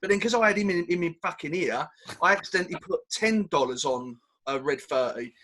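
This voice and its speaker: A man tells a story at a rapid clip, his voice sitting a little higher than most men's. He is animated and swears freely in relaxed podcast chat. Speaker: podcast guest.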